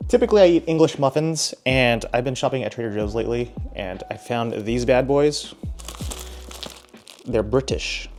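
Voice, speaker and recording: A man's voice: mid-range voice, a little mellow. Young man, casual vlog talk, upbeat, joking asides, faint music behind. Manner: chatty, upbeat, self-deprecating asides. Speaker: fitness vlogger.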